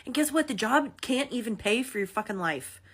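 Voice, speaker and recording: A woman's voice: a little high, lively intonation, normal speed, breathy edge. A woman in her thirties, a working mother, ranting tearfully to the camera, exasperated and swearing, her voice climbing when she gets worked up. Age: 30s. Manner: exasperated, swearing, rising to near shouts. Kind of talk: emotional rant to camera.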